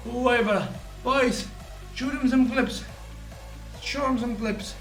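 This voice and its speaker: A man's voice: extremely high pitch, steady tone, slow, a bit bright, echoey room, faint music behind. A man live-streaming in a brash, boastful, profane way, tired out. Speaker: livestreamer. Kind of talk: casual live-stream chat.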